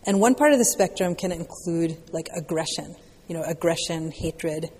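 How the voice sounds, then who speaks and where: Reflective woman meditation teacher, casual and unhurried in her phrasing, warm dark tone, recorded with long hall echo. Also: fairly low pitch, husky. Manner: reflective, loose, peppered with "you know" and "like". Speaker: dharma teacher answering questions. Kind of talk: casual dharma talk Q&A.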